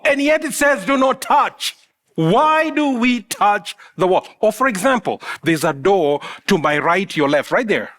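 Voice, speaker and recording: A middle-aged man delivers a sermon in a church, his voice pitched high. He preaches with an animated, swooping delivery, slipping into small acted-out scenes and asides to the congregation. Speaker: pastor.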